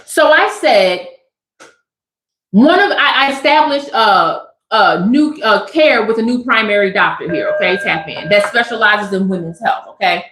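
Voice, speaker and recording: A woman giving a casual tarot livestream, who says "tap in" often and slows right down to stress her points. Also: medium pitch, lively intonation, fairly bright tone, reverberant, a little hiss or hum, rough recording. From Southern California. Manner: emphatic, repeats "tap in" and "y'all"; slows way down for emphasis. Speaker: tarot reader and spiritual speaker.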